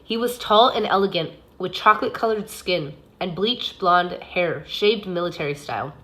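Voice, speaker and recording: A woman teacher reading a novel aloud in a steady, expressive way. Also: on the low side, normal speed.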